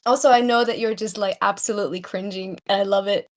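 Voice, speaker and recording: A woman hosting a casual live chat, soft-spoken, giggly and rambling. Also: medium pitch, fairly even intonation, fast talker, dry recording, studio quality. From Australia. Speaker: host.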